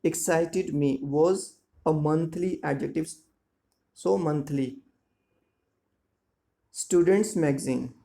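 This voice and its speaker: A man teaching a school lesson, explaining words slowly and checking that students follow. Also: fairly high pitch, gravelly, warm tone. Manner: slow, repetitive explaining with frequent check-ins. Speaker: English teacher. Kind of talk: classroom lesson explaining grammar and syllables.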